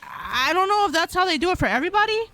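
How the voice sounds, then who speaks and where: A woman's voice: very high voice, lively intonation, fast, bright, forceful tone. A woman streaming live, chatting casually with her viewers in a slangy, rambling way, often laughing.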